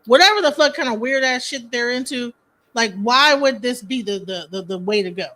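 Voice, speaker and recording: A man's voice: very high-pitched, fairly quick, pushed and bright. A man co-hosting a casual podcast, rambling and heated, swearing freely. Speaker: podcast co-host. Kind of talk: casual chat.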